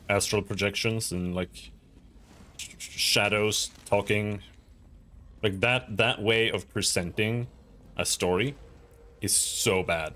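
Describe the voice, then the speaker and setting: A man's voice: lowish voice, fairly even intonation, takes it slowly, long pauses, pushed and bright, a little hiss or hum. A man streaming a video game, giving casual commentary in a sarcastic, rambling way and often repeating words. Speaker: gaming streamer.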